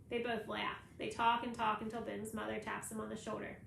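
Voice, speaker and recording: A woman reading a children's novel aloud in a plain, steady storytelling manner. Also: mid-range voice, moderate pace, gravelly, hardly any pauses, reverberant, slight background noise, low-quality recording. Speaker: reader.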